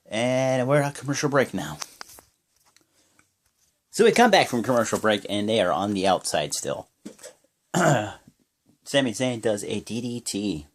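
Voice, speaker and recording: A young man casually recapping a wrestling show as a vlogger, in rambling play-by-play with lots of fillers and sudden bursts of excitement. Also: lowish voice.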